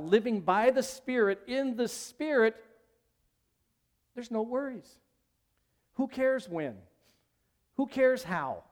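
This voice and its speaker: A man's voice: sits high, a little mellow. A man preaching a sermon as pastor at a church service, talking conversationally and asking the congregation questions.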